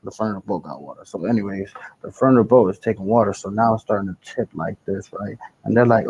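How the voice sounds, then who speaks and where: A man's voice: fairly low pitch, fast, slightly rough, no echo, rough recording. A young man, casually telling a slangy, rambling story and correcting himself as he goes. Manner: rambling, slangy, animated retelling with self-corrections.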